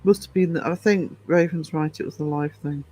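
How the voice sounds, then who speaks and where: British male channel host, casual and digressive, voice sits a little high. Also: steady tone, brisk, mellow, rough recording. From United Kingdom. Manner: chatty, rambling, digressive. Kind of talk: casual livestream chat.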